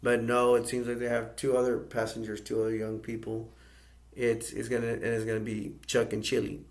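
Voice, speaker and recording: A man from the United States talks through a movie's story scene by scene. His pitch sits in the middle and barely moves, giving a flat, even delivery. He rambles and circles back as he goes. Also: a little fast. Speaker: movie reviewer. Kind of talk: casual plot recap.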